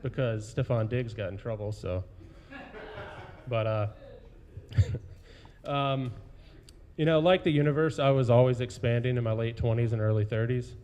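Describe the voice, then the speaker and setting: A man's voice: mid-range voice, moderate pace, pauses often, a little mellow, slight background noise. A man with an average voice tells stand-up stories on a brewery stage, rambling in a loose, casual way. He pads his lines with fillers as he goes. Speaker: stand-up comic. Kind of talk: stand-up storytelling.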